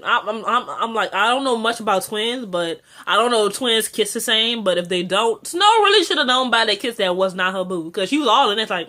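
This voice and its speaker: A young woman recapping a TV episode in a casual vlog, chatty and excitable, full of fillers and asides. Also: fairly quick, hardly any pauses. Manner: chatty and excitable, frequent "like" and filler, jumps high when excited. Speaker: TV episode reviewer.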